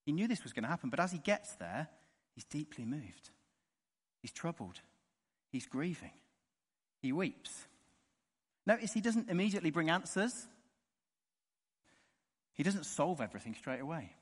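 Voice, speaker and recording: A man preaching a sermon in an earnest way, dropping soft and slow on the key words. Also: a little high, very animated, slightly rough. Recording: long reverb of a large hall.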